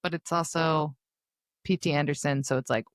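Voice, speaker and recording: Woman in her thirties, podcast co-host, fairly low voice, dry close mic, wry deadpan chat. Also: normal speed, no echo. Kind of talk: casual chat.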